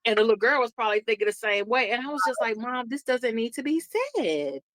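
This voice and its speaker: A woman's voice: a little high, big pitch swings, quick pace, fairly bright tone, dry recording. A woman co-hosting a podcast, telling a family story in casual chat and acting out the people she quotes. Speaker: podcast co-host.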